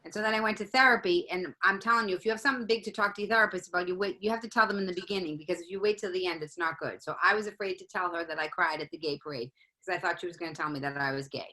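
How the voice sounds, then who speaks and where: A woman's voice: on the low side, very fast, hardly any pauses, rough recording. A woman from the Boston area telling a comic story in a casual chat among friends, acting out the people in it. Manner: animated, acts out voices in her story. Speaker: comedian guest.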